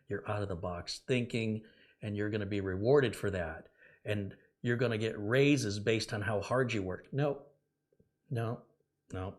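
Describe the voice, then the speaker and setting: A middle-aged man hosting a tech video, casually telling a story from his working life and acting out the dialogue with laughs. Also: fairly low pitch. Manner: animated, acts out quoted dialogue with laughs.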